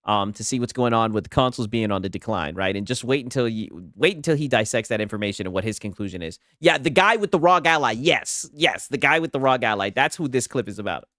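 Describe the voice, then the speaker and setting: A man's voice: medium pitch, animated, fast, few pauses, a bit bright, dry recording, studio quality. A man hosting a casual reaction commentary, mocking and sarcastic, swearing freely. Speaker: host reacting to a streamer clip.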